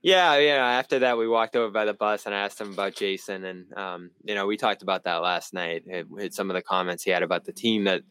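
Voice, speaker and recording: Reporter mit Bostoner Akzent, tiefe klare Stimme. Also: male voice, lowish voice, brisk, hardly any pauses, fairly bright tone, clean tone, no room sound. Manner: storytelling, laughs often. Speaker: sports reporter. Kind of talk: podcast panel chat.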